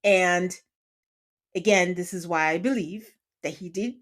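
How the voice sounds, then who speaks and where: A woman's voice: on the low side, a little slow. A woman host in casual conversation, recapping episodes of a reality series. She is chatty and slips into little voices when quoting people. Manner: chatty, acts out quotes with lively voices. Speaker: podcast host.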